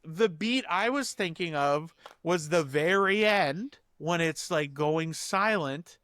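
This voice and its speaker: A man with a high voice co-hosting a film podcast, chatting in an animated, loose way full of "like" and the odd swear. The sound is dry and close. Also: slow, smooth, no echo. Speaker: podcast co-host. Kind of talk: casual film review chat.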